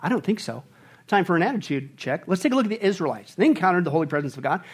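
A man preaching a sermon as a pastor, swinging between loud outbursts and hushed, whispered lines. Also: sits high, lively intonation, racing, husky.

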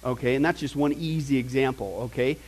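A middle-aged man preaching and teaching in a conversational, animated way, with asides to the congregation. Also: medium pitch, a little fast. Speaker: pastor teaching a Bible class. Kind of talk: sermon.

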